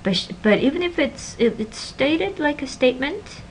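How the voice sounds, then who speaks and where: Animated woman lecturing on linguistics. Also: sits high, moderate pace, hardly any pauses, a little hiss or hum, rough recording. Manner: animated teacher, stresses example words, drops to soft asides. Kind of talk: recorded classroom lecture.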